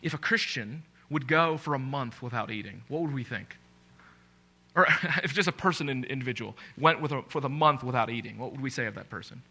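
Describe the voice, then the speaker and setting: A man's voice: medium pitch, fairly quick, bright, forceful tone. A male pastor preaching a sermon, emphatic and full of rhetorical questions to his congregation.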